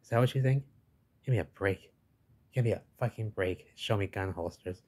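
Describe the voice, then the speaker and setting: A man's voice: fairly low pitch, moderate pace, a little mellow, slightly rough. A man narrating over pictures in a rambling way, often tacking on "baby" and "give me a break," and he says he is losing his voice. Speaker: video host.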